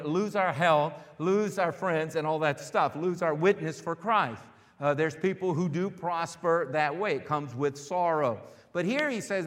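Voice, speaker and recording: A man pastor preaching a sermon, building with fervor and calling out to the congregation. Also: high voice. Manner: preaching with rising fervor, calls and responses. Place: church sanctuary. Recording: long hall reverb.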